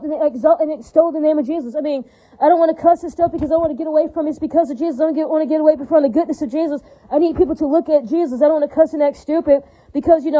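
Woman, high pitch, rapid delivery; agitated, profane monologue full of repeated tag questions. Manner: repetitive, rambling, with constant tag questions. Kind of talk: rambling monologue rant. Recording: tinny phone-like audio.

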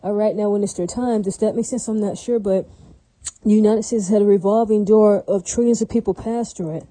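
A woman's voice: medium pitch, steady tone, brisk, dark tone, no echo, poor audio. A woman delivering a rambling, ranting monologue to camera, often breaking off to ask whether what she says makes sense. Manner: ranting, repetitive, asks "does that make sense?".

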